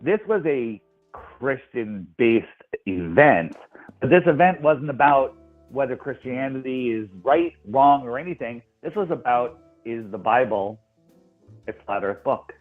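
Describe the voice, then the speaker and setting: A man's voice: medium pitch, lively intonation, a little slow, phone-quality sound, faint music behind. A man in casual chat, telling stories animatedly and repeating words as he goes. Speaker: guest.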